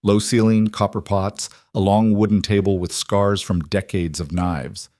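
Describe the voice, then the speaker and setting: Male narrator, deep-ish, measured, dry studio read. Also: no echo. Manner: measured, even storytelling. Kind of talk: scripted story narration.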